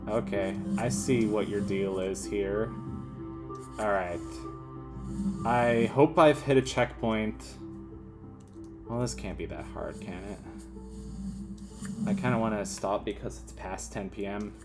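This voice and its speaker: Brief: unhurried male let's player, rambling and self-mocking, game music loud behind. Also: on the low side. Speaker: gaming commentator. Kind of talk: casual let's play commentary.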